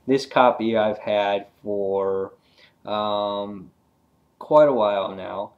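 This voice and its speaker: A man's voice: fairly low pitch, extremely slow, dull audio. A man casually reviewing an old comic book, hesitant and full of ums.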